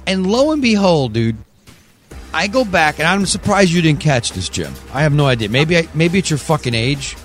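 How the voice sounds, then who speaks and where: A man hosting a live podcast from a studio, talking in a loud, profane, sing-song hype style. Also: on the high side, very animated, moderate pace, faint music behind. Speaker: podcast host. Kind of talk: casual live show banter.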